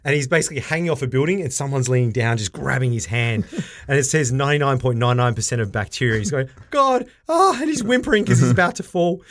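A man co-hosting a podcast in casual chat, animated and laughing often as he acts out quotes. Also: medium pitch. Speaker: podcast co-host.

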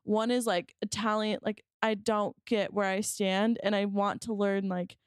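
A woman's voice: medium pitch, little pitch movement, a little slow, clean tone, dry recording. Podcast co-host, woman, loose rambling chat with lots of fillers, dry close sound. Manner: rambling, hesitant, many fillers and restarts. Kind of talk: casual chat.

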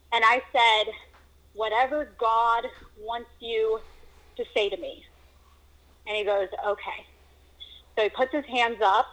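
A woman telling a personal story in a casual conversation, animated and acting out moments with exclamations. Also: fairly high pitch, rough recording. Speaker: guest telling her story.

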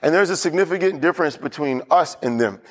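Pastor preaching loosely, fairly high-voiced man. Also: expressive, fast. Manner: loose, unscripted preaching with restarts and asides. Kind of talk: sermon.

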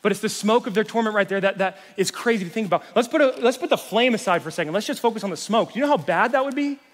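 A man preaching a sermon as a youth pastor, animated, swinging from loud to hushed. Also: sits high, racing, big-room sound.

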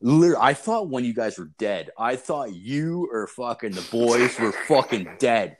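A man's voice: medium pitch, lively intonation, normal speed, a crowd in the background. A young man co-hosting a podcast, telling rambling, profane stories in casual chat and laughing through them. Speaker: podcast co-host.

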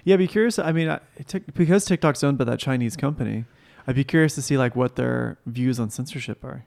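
A man in relaxed casual conversation, talking loosely with many fillers. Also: mid-range voice, fast, creaky. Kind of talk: casual chat.

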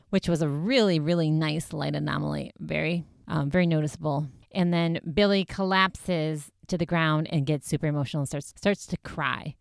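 A young woman chatting casually as she recaps an episode, with a lively, filler-filled way of telling it. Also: sits low, moderate pace, vocal fry, few pauses, clear, resonant tone, no echo, studio quality. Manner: chatty, animated retelling with many fillers. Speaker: podcast host recapping a show.

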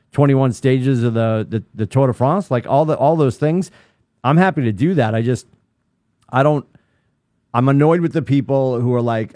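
A middle-aged man co-hosting a podcast in casual chat, rambling and animated with lots of restarts. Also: mid-range voice, no room sound, studio quality. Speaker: podcast co-host.

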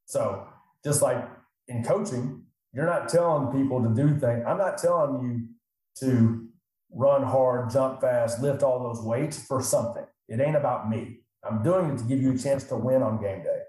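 A middle-aged financial advisor, mid-range and mellow, talks at a moderate pace in casual podcast chat. He gets animated and often acts out how his clients sound. A very echoey room surrounds the recording.

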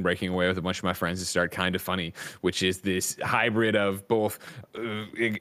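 A man talking as a podcast guest, joking loudly at first and then chatting openly about how he is doing. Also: deep voice. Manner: loud, animated, jokey rants. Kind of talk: casual podcast chat. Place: San Francisco, California.

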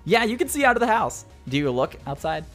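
A young man narrating as game master in a tabletop game, casual and quick to laugh. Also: sits high, soft background music. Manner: laughs often, casual and animated.

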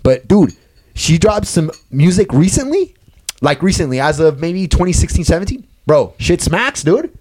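A young man hosting a podcast, ranting loudly and rambling in casual, profane chat. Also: fairly high pitch, very animated, normal speed, no room sound. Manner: loud, profane, rambling rants. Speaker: podcast host.

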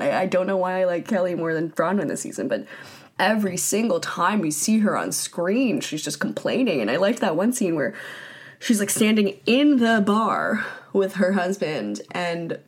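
A woman's voice: fairly low pitch, sing-song, moderate pace, husky. A young woman hosting a podcast, giving blunt, profane gossip commentary in a casual chat style and saying "like" a lot. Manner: blunt, profane, heavy use of "like". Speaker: podcast host.

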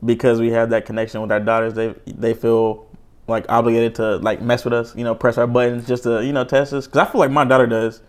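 A man in a casual chat as podcast co-host, spinning an animated story. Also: mid-range voice, brisk. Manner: animated storyteller who laughs as he talks.

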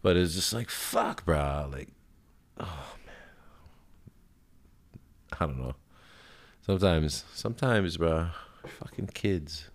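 Very deep-voiced rambling podcast host. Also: male voice, animated, slow pace, pauses often. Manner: rambling, laid-back, heavy swearing, frequent fillers and laughs. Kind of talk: casual solo podcast chat.

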